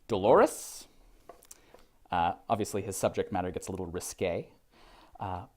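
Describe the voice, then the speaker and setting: A man's voice: fairly low pitch, huge pitch swings. A man giving a classroom lecture on poetry, questioning his students, with frequent ums and restarts. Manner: reads verse slowly with heavy stress. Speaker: literature lecturer.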